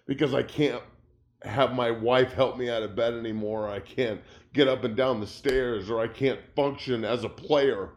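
Ex-pro football player, middle-aged, hosting a sports talk show solo in his studio; mid-pitched, heated and profane. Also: normal speed. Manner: impassioned, profane, voice rising when upset. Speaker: podcast host, former pro football player. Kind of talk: emotional sports talk monologue. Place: home studio.

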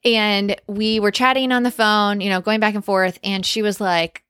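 A woman wedding planner talks through her podcast in a chatty, emphatic way, acting out quoted remarks as she goes. Her voice sits at a middle pitch. The sound is dry and close, with no room around it. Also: normal speed, hardly any pauses, fairly bright tone, clean tone, no echo. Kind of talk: casual podcast monologue.

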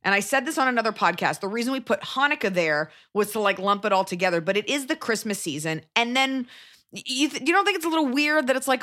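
A woman's voice: on the high side, lively intonation, sharp tone. A woman hosting a podcast, giving blunt, profane advice in casual chat. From Dallas, Texas. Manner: blunt, profane, rapid opinionated riffing.

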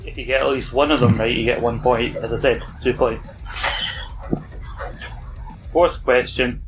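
A man hosts a casual podcast quiz. He reads each question out slowly and clearly, then drifts into quick banter with the panel. Background music plays clearly behind his voice. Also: medium pitch, fairly even intonation, rough recording. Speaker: quiz host.

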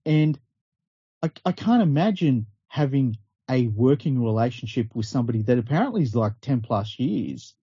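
Podcast co-host, earnest and disbelieving, very dark husky voice, dry lo-fi sound. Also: male voice, mid-range voice, lively intonation, normal speed, no echo. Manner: earnest, incredulous, sweary. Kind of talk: casual podcast chat. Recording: dry, dull lo-fi podcast audio.

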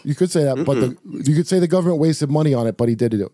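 A man's voice: a little high, expressive, very fast, dark tone, no room sound. Blunt, joking man host, dry sound. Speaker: podcast host. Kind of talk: casual chat. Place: podcast studio.

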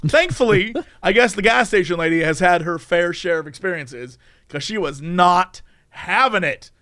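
Animated, high-voiced man telling a story. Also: moderate pace. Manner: animated, laughs often, acts out voices. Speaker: podcast storyteller. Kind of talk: casual storytelling chat.

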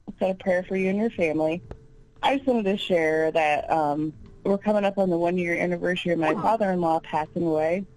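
A woman with a low, mellow voice calls in to a show and tells a long story. She speaks earnestly and fills her sentences with "like", with faint music under her voice. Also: poor audio. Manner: earnest, chatty storytelling with many "like"s. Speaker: caller. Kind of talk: phone-in storytelling.

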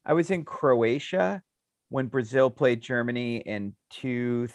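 This podcast co-host speaks slowly in a mid-range voice, with no room sound at all. Chatting casually, he tells stories with animation and laughs a lot.

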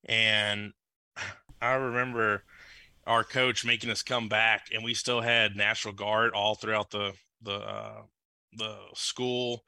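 A man, chatting casually as a podcast co-host and telling rambling, animated stories. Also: on the low side, no echo. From Louisiana. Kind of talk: casual sports chat.

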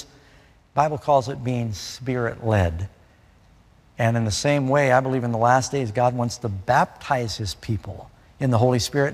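A man from New York City gives a sermon in a chatty, questioning way. His voice sits a little higher than most men's. Long reverb trails after his words, as in a large hall. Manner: conversational preaching, asks listeners questions. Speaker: preacher.

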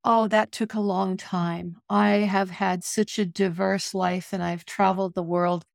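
A middle-aged woman recounts a personal story with lively detail, her voice carrying a gravelly edge. She speaks at an ordinary pitch, and her voice sounds close and dry over a video call. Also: measured pace, dry recording. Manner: vivid, animated anecdote telling. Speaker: guest.

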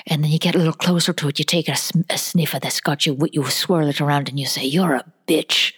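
A woman's voice: low voice, fairly even intonation, fast, husky, full character voice. A woman doing a whispery Scottish whisky man. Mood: sultry whisper. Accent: Scottish, put on. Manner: hushed, lewd, whispery coaxing. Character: Scottish man distiller sweet-talking his scotch.

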